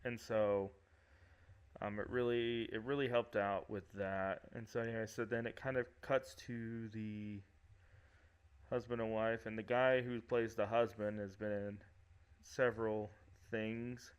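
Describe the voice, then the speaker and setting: A man's voice: fairly low pitch, level tone, measured pace, smooth. A man with a Michigan accent, hosting a podcast in casual chat, rambling with lots of fillers and frequent laughs. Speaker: podcast host.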